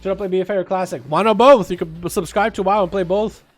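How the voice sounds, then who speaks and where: A young man livestreaming a video game in a casual chat, reading and answering his chat, with sudden loud excited outbursts. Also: high voice, quick pace, faint music behind. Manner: chatty, reads and answers chat, bursts into loud excited outcries.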